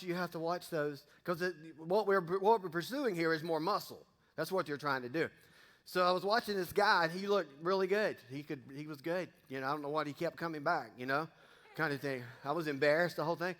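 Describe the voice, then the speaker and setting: Joking with the congregation, a middle-aged pastor gives a relaxed, folksy sermon in a church sanctuary whose hall adds a long reverb. He speaks briskly in a slightly high, somewhat bright voice.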